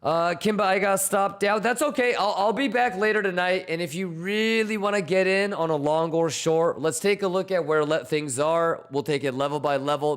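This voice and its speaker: A man hosting a casual crypto trading livestream, reading out chat names with loose, slangy, hyped shout-outs. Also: sits high, moderate pace, few pauses.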